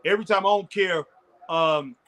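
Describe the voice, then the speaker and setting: A man co-hosting a casual sports chat show, excitable and reminiscing, laughing often as he talks. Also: sits high, normal speed. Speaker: podcast co-host.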